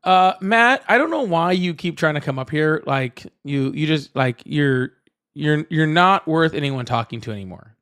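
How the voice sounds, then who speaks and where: Livestream host, man, slightly high voice, loose rambling delivery to chat. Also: expressive, normal speed, fairly bright tone, clean tone. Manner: rambling, repeats himself, talks straight to chat. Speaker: livestream political debate host.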